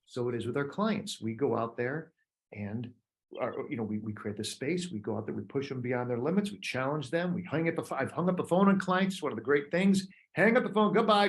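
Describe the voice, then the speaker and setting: A man in his fifties, a coach talking casually to other coaches, telling animated stories and acting out little voices. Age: 50s. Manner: drops to a soft, low voice on key points. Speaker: coach leading a group call. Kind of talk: casual talk to fellow coaches.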